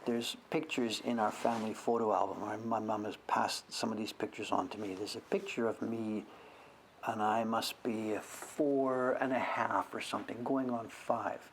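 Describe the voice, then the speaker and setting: An older Canadian man, a woodblock printmaker, chats casually and rambles on a livestream while working on a carving. His voice is on the low side and steady, at normal speed, with slight background noise.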